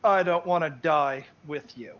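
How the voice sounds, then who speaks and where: A man's voice: a little high, measured pace, dull audio, lightly acted. Nervous male merchant played by a man, scared and fretful. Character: terrified male cart merchant.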